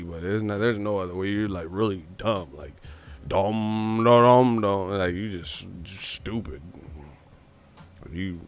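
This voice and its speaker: A man's voice: low voice, slight background noise. A man hosting a boxing livestream, ranting casually in a profane, mocking way and laughing often. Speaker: boxing show host.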